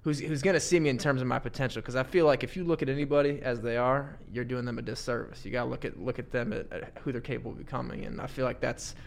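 A man's voice: mid-range voice, fairly even intonation, quick pace, gravelly, hardly any pauses. A man talking as a podcast guest, earnest and upbeat, often repeating words as he goes. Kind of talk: casual chat.

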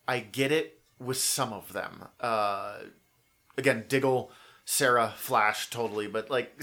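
Guy rambling about comic book tv on a podcast, mid pitch, lots of restarts and little quoted bits. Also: sharp tone. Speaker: podcast co-host. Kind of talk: casual chat about superhero shows.

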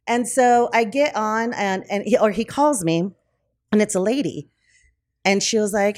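A woman being interviewed, telling a story casually, full of fillers and self-corrections, and acting out the quoted dialogue in raised voices. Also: moderate pace. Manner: lively, acts out quoted dialogue in higher voices. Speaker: brewery owner, podcast guest.

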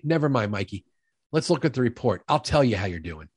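Guesting on a conversational podcast, an energetic middle-aged man who's an expert in sales leadership breaks down sales management with emphasis, frequently acting out dialogue. He talks fast at a typical male pitch with a breathy edge, captured close-miked and dry with no room sound.

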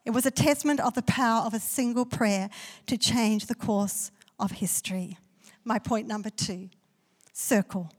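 A fairly high-voiced woman preaches to her church, telling stories and building into fervent declarations. Her voice rings with a long reverb from a large hall. The sermon has the feel of a live congregation address. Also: normal speed. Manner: story-driven preaching that swells into loud declarations. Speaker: pastor.

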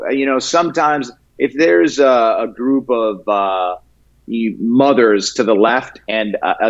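A man chatting casually as an interview guest, talking in a halting way with many restarts and easy laughter. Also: fairly low pitch, muffled recording. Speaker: guest, prank video creator.

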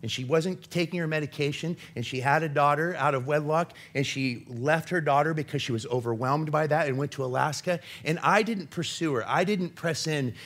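A man giving an impassioned faith talk as a Christian author, earnest and confessional, swinging between urgent and hushed. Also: on the high side, fairly quick, hardly any pauses.

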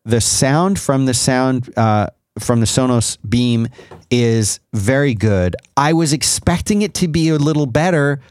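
A podcast co-host with a mid-range, darkish voice talks a little slowly, explaining gadgets in a rambling casual chat where he keeps correcting himself. The recording is dry and studio-clean.

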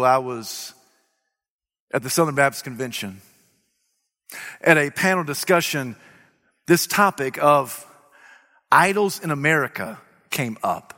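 A man preaching a sermon to a crowd, emphatic, swinging between loud declarations and quiet remarks. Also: on the high side. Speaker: pastor. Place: church sanctuary before a crowd. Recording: live hall with long reverb.

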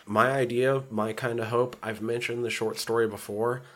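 A man's voice: mid-range voice, steady tone, fairly bright tone. A man co-hosting a casual movie podcast, profane and enthusiastic. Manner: profane, enthusiastic, quick asides. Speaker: podcast co-host. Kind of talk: casual movie review chat.

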